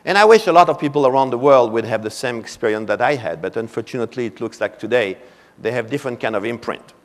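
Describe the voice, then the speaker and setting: A man's voice: medium pitch, lively intonation, fast. A man in his seventies from France, speaking with a French accent, giving a conference keynote as a string of anecdotes with many "you know" asides. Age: 70s. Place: convention hall. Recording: long reverb of a large hall.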